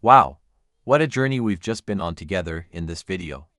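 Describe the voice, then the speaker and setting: Low-voiced guy reading a channel outro, earnest, dry close sound. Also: animated, fairly quick, no room sound. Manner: earnest, warm thanks. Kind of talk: scripted outro.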